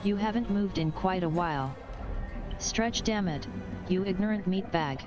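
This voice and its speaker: A woman's voice: mid-range voice, moderate pace, natural voice. An actress voicing an impatient, sarcastic female nonhuman companion in a game, scolding the player. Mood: scornful. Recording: muffled, with game music.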